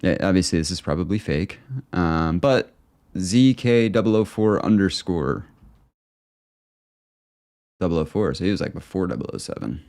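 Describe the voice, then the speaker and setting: A man's voice: low voice, animated, moderate pace, creaky, pauses often, darkish tone. A man hosting a live reaction stream, tossing out blunt, slangy, joking comments between clips. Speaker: host reacting to videos.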